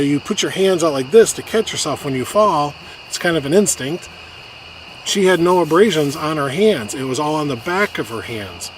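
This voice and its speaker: Male vlogger, emotional halting storytelling outdoors, noisy outdoor recording. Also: on the high side, a bit bright. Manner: halting, many restarts, gets choked up. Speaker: vlogger telling a personal story. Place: outdoors on a hiking trail.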